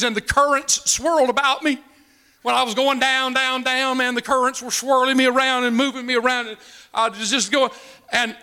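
A man preaching a folksy, animated sermon, often repeating words and laughing. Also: very high-pitched.

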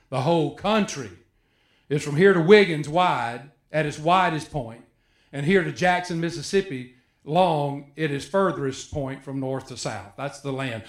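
A man's voice: fairly high pitch, roomy sound. A man preaching a sermon in a conversational, joking way, full of rhetorical questions to his congregation. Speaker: pastor.

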